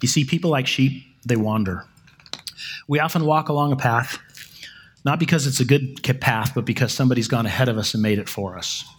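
Male preacher of middling pitch, telling stories from the pulpit in a relaxed, conversational manner. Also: breathy edge. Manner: conversational, with self-corrections and dramatic pauses. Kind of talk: storytelling sermon.

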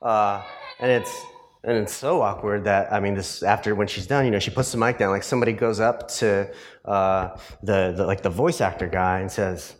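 A man's voice: fairly low pitch, moderate pace. A male pastor preaching a sermon in a conversational storytelling way, full of fillers and tag questions. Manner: rises to passionate emphasis in the closing points.

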